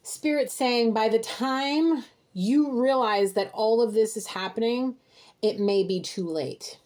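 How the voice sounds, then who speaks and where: A woman's voice: a little high, slow, a little mellow. A woman giving an intuitive tarot reading to camera from home, talking in a heated, scolding, exasperated way. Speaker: intuitive reader. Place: home, alone with pets.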